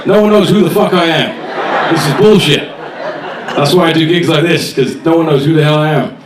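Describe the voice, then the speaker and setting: A man's voice: fairly high pitch, moderate pace, background noise. A man doing stand-up, swearing freely and teasing the audience. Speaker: stand-up comedian. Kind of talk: stand-up comedy set with crowd work. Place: comedy club stage. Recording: echoey club, distant mic, loud audience.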